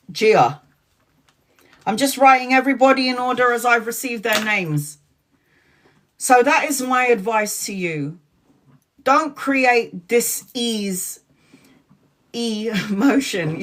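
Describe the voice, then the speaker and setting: A woman's voice: mid-range voice, fairly bright tone. Blunt, laughing woman live-streamer. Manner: blunt, swears freely, laughs often, acts out dialogue. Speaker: tarot reader hosting a live stream. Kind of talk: casual live-stream storytelling.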